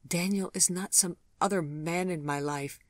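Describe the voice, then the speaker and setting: An audiobook reader voicing Vivian, a flustered grandmother who teases and then squirms, in a higher voice than the narration. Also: moderate pace, dry recording, clean studio sound, lightly acted. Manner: teasing, then awkward and defensive. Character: flustered new grandmother, a woman.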